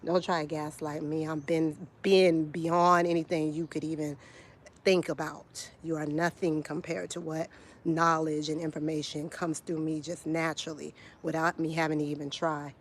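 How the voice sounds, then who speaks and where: Blunt low-voiced woman ranting. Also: flat delivery, normal speed. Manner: blunt, profane, confrontational. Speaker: vlogger. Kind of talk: heated direct-to-camera rant.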